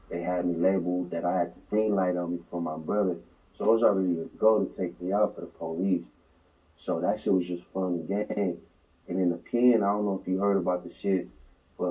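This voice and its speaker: A man's voice: low voice, brisk, far from the mic, lo-fi sound. A man telling a prison story in an interview, in heavy slang, acting out the quotes. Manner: slangy, animated retelling with acted quotes. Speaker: interview subject.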